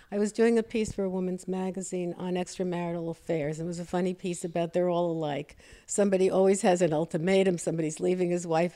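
A woman's voice: medium pitch, darkish tone. Wry woman comedy writer telling stories. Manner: wry, self-deprecating storyteller. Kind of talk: casual interview chat, storytelling.

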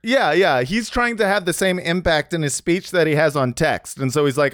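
A man's voice: a little high, moderate pace, a bit bright, no echo, clean studio sound. A young man co-hosting a comedic podcast, crude, rambling and jokey. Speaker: podcast co-host. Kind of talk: casual comedic chat.

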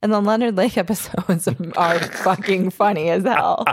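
A woman's voice: medium pitch, normal speed, dry recording, clean studio sound. A woman co-hosting a podcast in casual chat, rambling, laughing often and swearing freely. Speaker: podcast co-host.

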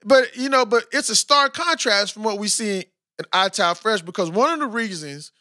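High, bright-voiced American man hosting. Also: normal speed, no echo, clean studio sound. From United States. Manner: animated and talkative, with frequent fillers. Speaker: podcast host interviewing a guest. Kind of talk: casual chat.

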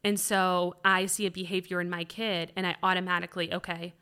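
A woman's voice: fairly low pitch, level tone, a little fast, pushed and bright, smooth. A woman in her thirties co-hosting a podcast, talking candidly in a rambling way full of "like" and "um". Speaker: podcast co-host. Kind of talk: candid conversational chat.

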